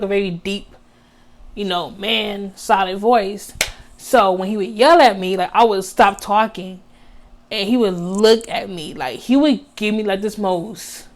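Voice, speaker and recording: Young woman, vlogger, casual storytime, slangy, filler-heavy, speaks to viewers. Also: mid-range voice. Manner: chatty, heavy use of "like" and slang, addresses viewers as y'all.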